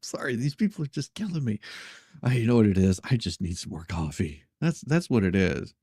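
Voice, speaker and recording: A man's voice: on the low side, very animated, fairly quick, mellow, husky, no room sound, studio quality. A man hosting a casual news commentary show, laughing often and teasing the stories he reacts to. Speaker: host.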